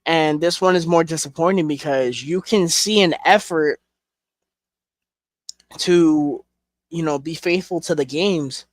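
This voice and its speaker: A young man talks casually and loosely, rambling through fillers and blunt swearing. His voice sits a bit high for a man. The sound is close and dry. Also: a little slow, long pauses, no room sound. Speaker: collection reviewer. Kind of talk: casual chat.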